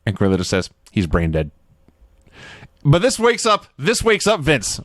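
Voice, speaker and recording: A man with a fairly high, lively voice tells stories in a casual chat and laughs often between lines. He sounds close to the mic, in a dry room. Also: fairly quick, no echo. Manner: laughing storyteller, acting out quotes. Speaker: podcast co-host.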